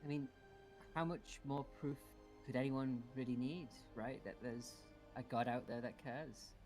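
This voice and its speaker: A man's voice: medium pitch, fairly even intonation, measured pace, a little mellow, soft background music. A man playing in a tabletop game, chatting casually and teasing the others. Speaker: player. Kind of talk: casual chat.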